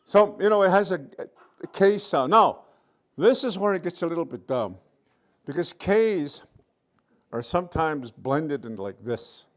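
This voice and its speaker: A man teaches a language class over a video call, talking at an unhurried pace. His voice sits a bit high for a man. He repeats each sound several times and keeps checking that everyone is following. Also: lively intonation. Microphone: computer mic on a video call.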